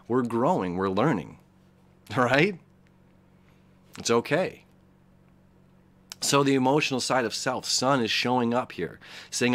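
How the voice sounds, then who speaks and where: A man's voice: medium pitch, fairly bright tone. A man giving a casual, earnest horoscope reading, reflective and emotional, often checking in with "okay?" and "you know". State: emotional, near tears. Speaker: astrologer host.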